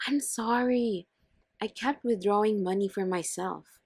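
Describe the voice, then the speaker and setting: A woman's voice: mid-range voice, a little slow, darkish tone, dry recording, studio quality. A woman voicing a remorseful wife in a scripted text-story reading, pleading and apologetic.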